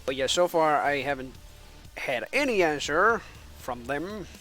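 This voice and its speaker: A man's voice: fairly high pitch, lively intonation, unhurried, bright, forceful tone, soft background music. A man from Finland, a native Finnish speaker with American-sounding English, rambling in casual stream chatter as an esports caster between matches and laughing at himself.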